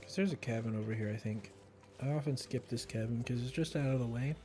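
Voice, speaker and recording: Mellow-voiced man chatting while gaming. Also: mid-range voice, quick pace, soft background music. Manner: playful, thinks aloud while playing. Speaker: streamer. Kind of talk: casual gameplay chat.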